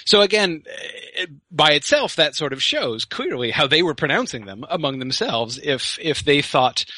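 A man's voice: medium pitch, sharp tone, no echo. A middle-aged man co-hosting a podcast as a literature professor, explaining things casually with many fillers and restarts. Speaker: podcast co-host, Tolkien professor.

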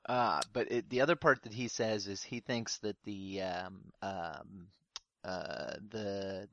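A man's voice: fairly low pitch, fairly even intonation, takes it slowly, fairly bright tone, dry recording. A man co-hosting a podcast, reading out listener comments hesitantly, with many fillers. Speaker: podcast co-host. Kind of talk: casual chat. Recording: dull, dry lo-fi audio.

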